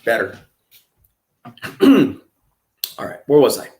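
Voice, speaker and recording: A man's voice: medium pitch, huge pitch swings, very slow, background noise. A man hosting a profane, comedic reaction video, crude and mocking, full of scattered asides. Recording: echoey room.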